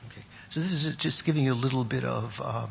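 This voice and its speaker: A man teaching a class on Buddhist meditation and terms, pausing often, repeating words and putting questions to his students. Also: mid-range voice, vocal fry, slight background noise.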